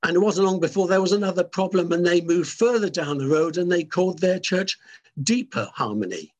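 A man preaching a sermon in an animated, emphatic way, often restarting his words. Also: high voice, a little fast.

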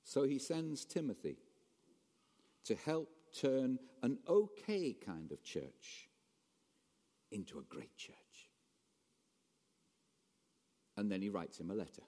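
A man preaching a sermon as pastor, animated, swinging between raised emphasis and quiet asides. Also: medium pitch, takes it slowly, long pauses. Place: church hall. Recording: long reverb of a church hall.

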